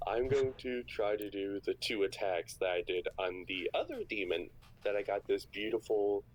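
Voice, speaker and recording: A man's voice: fairly low pitch, sing-song, normal speed, low-quality recording. A man playing in a tabletop game, thinking his moves through aloud in casual chat. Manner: hesitant, sorting through options aloud. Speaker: player.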